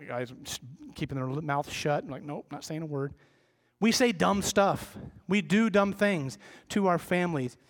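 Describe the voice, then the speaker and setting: A middle-aged man preaching a sermon as pastor, conversational and self-deprecating, acting out the voices of the people he describes. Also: high voice. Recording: reverberant church hall.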